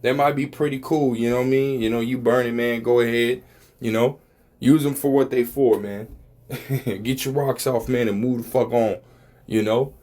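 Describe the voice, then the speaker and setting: A man's voice: medium pitch, fairly even intonation, normal speed, darkish tone. A man giving a casual religious talk, rambling and profane, with many filler words.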